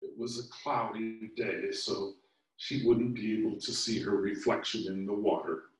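A man reading a children's story aloud in a gentle, expressive way. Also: on the low side, a little slow, far from the mic, soft background music. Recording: echoey room, voice set back from mic.

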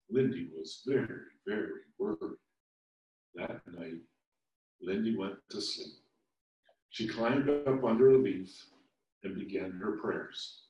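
Man, storyteller, slow and gentle, mid pitch, echoey distant room. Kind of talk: children's story reading. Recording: echoey room, voice set back from mic.

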